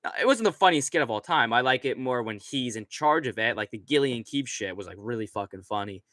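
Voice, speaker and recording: Bright, rambling young man streaming. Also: medium pitch, expressive, brisk, no room sound. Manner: rambling, profane, many fillers. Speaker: streamer host. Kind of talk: casual late-night stream chat. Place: seated at a computer. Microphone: desk microphone right in front.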